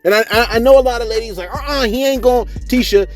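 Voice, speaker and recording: A man's voice: very high voice, quick pace, soft background music. A man hosting celebrity gossip commentary, slangy and chatty, often checking in with his viewers. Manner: animated, slangy, repeats "you see what I'm saying". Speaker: host of celebrity gossip channel.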